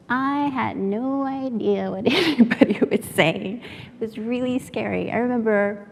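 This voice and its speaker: A woman from San Antonio, a native Spanish speaker, lively and chatty as she tells stories to a workshop audience. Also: a little high, slight background noise. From San Antonio, Texas. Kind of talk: storytelling to an audience. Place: workshop room. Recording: echoey hall.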